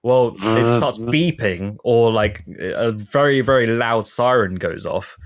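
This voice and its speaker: A man's voice: medium pitch, unhurried. A man co-hosting a casual podcast chat, laughing often and trailing off mid-sentence. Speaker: podcast co-host.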